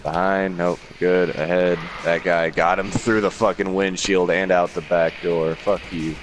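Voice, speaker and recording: A man's voice: deep voice, level tone, unhurried, noisy background. A man chatting casually while playing an online game with friends, swearing and exasperated at things going wrong. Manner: exasperated, swearing, laughing at failures. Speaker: gamer. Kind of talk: casual gaming chat.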